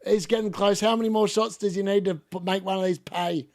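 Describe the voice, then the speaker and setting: Excitable high-voiced male football watchalong host. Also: a little fast, no room sound, clean studio sound. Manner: excitable, yells at chances on screen; ranting, opinionated. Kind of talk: live football watchalong commentary.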